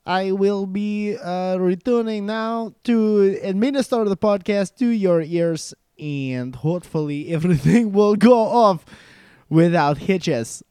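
A man voicing his pompous Russian-Italian cousin in a put-on Russian accent, slow and mock-formal, recorded on a handheld recorder with a dry sound. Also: high voice, dark tone, smooth, no room sound, voice pushed up. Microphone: handheld portable recorder.

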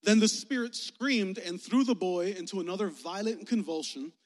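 A man preaching a lively, joking youth sermon in slangy talk, acting out little voices as he tells stories. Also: high-pitched, moderate pace. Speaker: youth pastor. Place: church sanctuary. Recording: long reverb of a church sanctuary.

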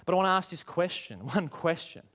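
Animated man preaching. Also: fairly high pitch, brisk. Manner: animated, rhetorical questions, acts out quoted voices. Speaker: pastor. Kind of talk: sermon.

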